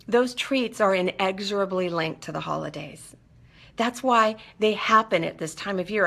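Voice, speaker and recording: A woman's voice: mid-range voice, vocal fry, a bit bright. A woman hosting a live talk, speaking emphatically and often checking in with her listeners. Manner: emphatic, keeps checking in with okay and right. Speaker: host. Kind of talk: casual live monologue.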